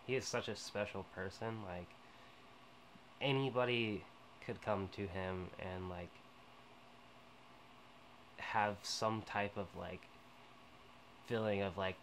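Slow, halting man searching for words. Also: on the low side, a bit bright, a little hiss or hum, poor audio. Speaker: interviewee. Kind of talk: emotional documentary interview.

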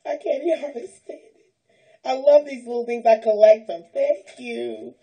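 A woman's voice: a little high, normal speed, creaky, mellow, husky, poor audio. A woman, opening gifts on a vlog, gushing and squealing and close to tears, calling out praise to God. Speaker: vlogger opening a gift package. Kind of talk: unboxing vlog, emotional chat.

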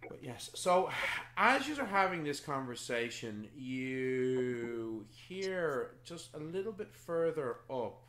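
A man's voice: medium pitch, sing-song, slow, fairly bright tone. Man, game master, tabletop narration, frequent ums, echoey room. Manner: hesitant, many ums while describing scenes.

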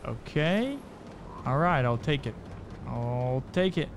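A man hosting a gaming video, commentating his play, yelping and repeating words in fast bursts when in danger and chatting to himself and the viewer while looting. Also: mid-range voice, animated, background noise. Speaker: gaming channel host. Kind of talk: excited gameplay commentary.

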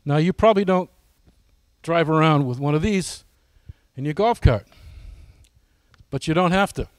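A man's voice: a little high, normal speed, no echo. Man, folksy club presenter, asks the audience questions, dry close sound. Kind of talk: casual presentation to club members.

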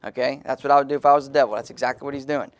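A man's voice: mid-range voice, fairly even intonation, rapid-fire. A man preaching an emphatic sermon as pastor in a small church, calling on the congregation to read verses aloud.

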